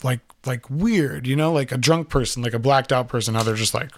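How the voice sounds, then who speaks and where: A young man recounts a personal story in casual, rambling speech. He leans on filler words and swears freely. His voice sits at an ordinary mid pitch. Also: a little fast.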